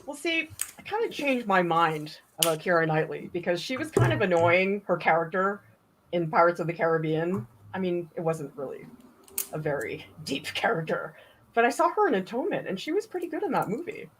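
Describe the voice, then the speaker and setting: A woman art professor hosting a casual studio chat, animated and quick to laugh, reading out viewer questions. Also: lowish voice, a little hiss or hum. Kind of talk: casual chat while working.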